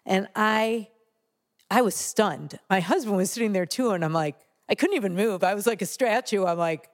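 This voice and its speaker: A woman's voice: medium pitch, animated, moderate pace. A woman in her forties speaks as a guest on an interview show. She tells personal stories in a candid, casual way and often breaks into laughter.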